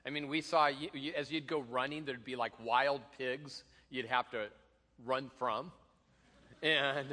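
Bright-voiced male pastor in a reverberant hall. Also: medium pitch. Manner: conversational and joking, with frequent fillers and restarts. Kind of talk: sermon. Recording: long reverb in a large hall.

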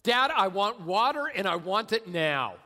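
A stubborn little girl who won't go to bed, with a quick answer for everything, as a man reads her out. The voice is bright and rings in a big hall with long reverb. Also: mid-range voice, big pitch swings. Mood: demanding. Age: child. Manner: defiant, quick comebacks.

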